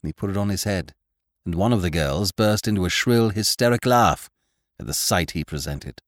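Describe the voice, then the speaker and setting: A man narrating a classic short story as an audiobook host, in a measured, expressive storytelling manner. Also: low-pitched, no echo, studio quality. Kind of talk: scripted narration.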